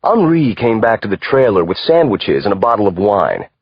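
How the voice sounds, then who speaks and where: A man reading a thriller audiobook aloud in a measured, expressive way. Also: lowish voice, breathy edge, muffled recording. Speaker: audiobook narrator. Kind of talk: scripted narration.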